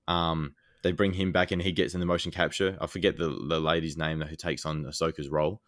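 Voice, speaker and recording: Man, very low voice, dry close sound, rambling excited recap, podcast co-host. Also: fairly quick, dry recording. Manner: excited, rambling scene retelling with many fillers. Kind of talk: casual chat.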